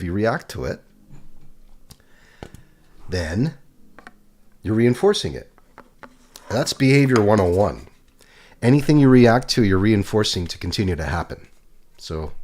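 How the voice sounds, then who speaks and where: A middle-aged man with a lowish voice talks in a loose, rambling way, drifting from one subject to the next. It is a relaxed home vlog, as if chatting to viewers. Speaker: vlogger. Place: home, children heard nearby.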